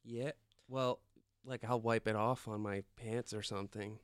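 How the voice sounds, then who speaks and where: A player in a tabletop game, chatty and quick to joke. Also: medium pitch, steady tone, clean tone, no echo, clean studio sound. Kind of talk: casual chat.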